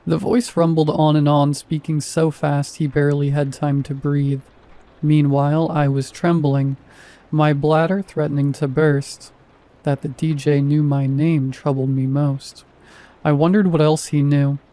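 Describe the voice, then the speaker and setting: A man's voice: on the high side, level tone, a little slow, dark tone. A man in his thirties reading a first-person horror story aloud in a wry, self-deprecating way.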